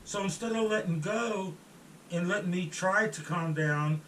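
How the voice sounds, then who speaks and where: A man telling a first-person story in a halting way, often restarting and trailing off mid-sentence. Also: high-pitched, a bit bright. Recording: roomy echo, distant mic, faint room noise.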